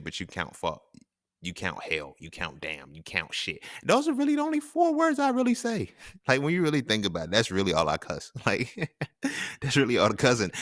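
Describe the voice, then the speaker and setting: Very deep-voiced man, animated profane rant. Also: no echo, studio quality. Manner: profane, animated, laughing often, slangy. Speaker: podcast host. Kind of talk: casual monologue.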